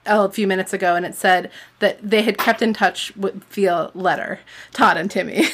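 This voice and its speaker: A woman's voice: mid-range voice, fairly even intonation, moderate pace, fairly bright tone, slightly rough. A woman co-hosting a casual book discussion, chatty and fond of the word "like". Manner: chatty, with frequent "like" and laughs. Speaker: podcast co-host.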